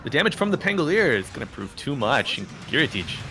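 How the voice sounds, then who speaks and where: A man commentating on an esports match as the analyst, measured and asking his co-caster questions. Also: mid-range voice, very animated, pushed and bright, slight background noise. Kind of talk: live game commentary.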